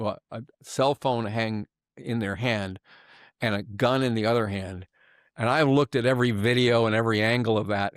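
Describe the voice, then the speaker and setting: An older male commentator delivers a monologue of political commentary, sarcastic, furious and emphatic. His voice is medium-pitched, and the recording is dry with a close sound.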